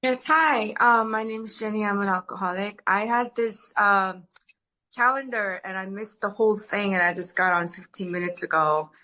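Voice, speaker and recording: A woman's voice: mid-range voice, normal speed, bright, forceful tone. A woman asking a question at a recovery meeting over an online call. She speaks earnestly and rambles, with many restarts and "you know"s.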